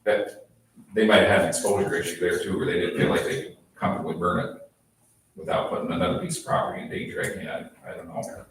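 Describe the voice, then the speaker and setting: A man's voice: low voice, steady tone, fast talker, slight background noise. A man explaining matters plainly at a town council meeting, often hedging on what he cannot answer. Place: small town council chamber. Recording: echoey room from far off.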